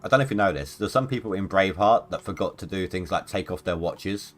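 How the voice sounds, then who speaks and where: A man's voice: low voice, lively intonation, fast talker. A man chatting dryly with a friend while playing a game together, pushing back on his points. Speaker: co-player. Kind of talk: casual gaming chat.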